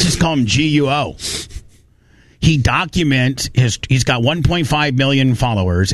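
Animated male host, dry sound. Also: mid-range voice, dry recording. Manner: animated, retells stories with restarts. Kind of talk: casual chat reacting to videos.

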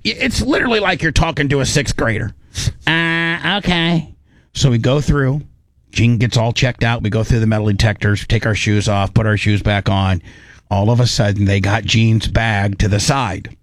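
A man tells a story in a casual, animated way, putting on voices for the people in it and laughing along. His pitch sits in the middle range, and his voice is recorded close and dry. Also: moderate pace, no room sound.

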